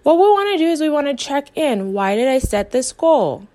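A woman's voice: high-pitched, sing-song, moderate pace, dark tone. Encouraging woman hosting a self-help podcast. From United States. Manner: earnest, encouraging, voices the listener's inner thoughts. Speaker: podcast host and coach. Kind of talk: motivational podcast talk.

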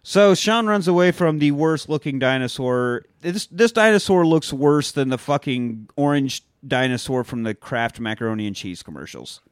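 A man co-hosting a casual comedy podcast, recapping a film with lots of swearing and quick mocking character voices. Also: medium pitch, expressive, clean tone, no room sound, studio quality.

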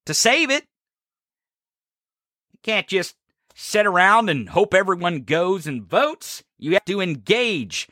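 Man, political talk host, swearing rant, high bright voice, dry close sound. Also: no room sound. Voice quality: heavy swearing, fiery and combative.

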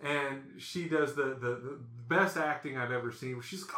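A man, hosting a casual podcast and telling stories, acting out quotes with animated voices. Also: mid-range voice, normal speed, hardly any pauses, echoey room. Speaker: podcast host. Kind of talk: casual storytelling chat.

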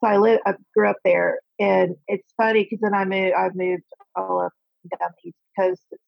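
A woman's voice: medium pitch, level tone, moderate pace, vocal fry, no room sound, dull audio, soft background music. A woman author from Texas, a guest on a casual interview, friendly and teasing as she talks. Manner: friendly, teasing, laughs at herself.

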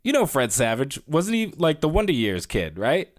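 A man co-hosting a podcast in relaxed, joking chat, with a voice a little high for a man. His pitch swings widely as he talks, and he often trails off into mumbled asides. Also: normal speed. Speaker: podcast co-host. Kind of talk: casual chat.

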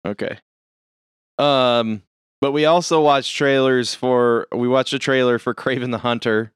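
A man of ordinary pitch chatting loosely on a podcast, swearing freely and laughing often. His voice comes through dry and close, with no room sound at all. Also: fairly even intonation, unhurried, smooth, no room sound. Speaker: podcast co-host. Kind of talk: casual chat.

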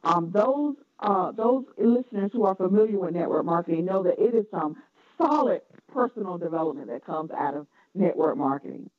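Southern woman guest, husky phone-line sound. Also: fairly low pitch, animated, moderate pace, hardly any pauses. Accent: Southern US, North Carolina. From North Carolina, US. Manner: earnest and affirming, frequent laughs and restarts. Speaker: guest, educator and entrepreneur. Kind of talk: podcast interview, casual.

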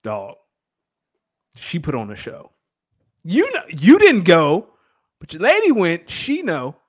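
A man's voice: high-pitched, wildly swooping pitch, takes it slowly, breathy edge, no room sound. Earnest man telling a story, dry sound. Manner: earnest, storytelling, laughs easily. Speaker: podcast co-host. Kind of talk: casual sports podcast banter.

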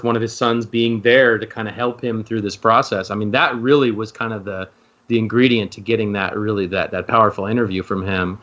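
A man with a fairly low voice chats as a podcast guest. He rambles, stacks fillers and restarts his sentences. The audio is dull and lo-fi. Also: fairly bright tone. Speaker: guest, docuseries co-creator. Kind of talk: casual podcast conversation.

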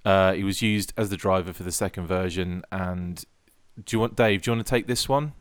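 A man's voice: low voice, fairly quick, clear, resonant tone, no room sound. A man co-hosting a casual hobby podcast, rambling and often restarting sentences. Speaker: podcast co-host.

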